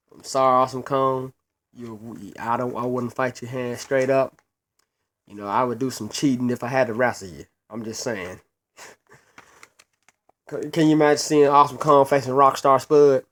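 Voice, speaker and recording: A man's voice: medium pitch, fairly even intonation, normal speed, pauses often, fairly bright tone. A man reviewing wrestling shows in a casual solo rant, blunt and profane, stumbling and repeating words as he gets worked up.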